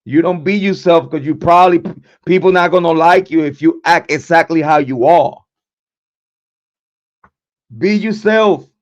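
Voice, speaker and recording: A man with a slightly high voice rants profanely and confrontationally during his true crime livestream, repeating words and restarting with stammers. He keeps a measured pace with long pauses, and the recording is dull lo-fi.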